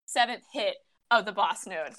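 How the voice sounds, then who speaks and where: A young woman co-hosting a casual chat, telling stories in an animated, exasperated way and swearing freely. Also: mid-range voice, normal speed, slight background noise. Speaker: podcast co-host. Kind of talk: casual chat among friends about a mobile game.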